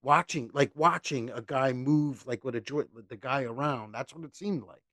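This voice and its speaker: A man co-hosting a casual movie podcast drops in short remarks and quick agreement. His voice has an ordinary mid pitch, and the sound is close and dry with no room echo. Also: fairly bright tone. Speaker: podcast co-host. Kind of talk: casual chat.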